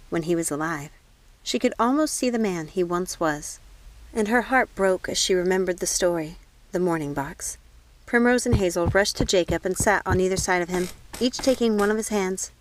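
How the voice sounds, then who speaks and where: A woman narrating an audiobook in a measured, even storytelling voice. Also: fairly low pitch. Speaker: audiobook reader.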